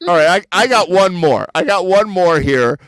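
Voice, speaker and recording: Lively, chatty male host. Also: sits high, moderate pace. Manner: animated, chatty, lots of fillers. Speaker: show host and musician. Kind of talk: casual storytelling.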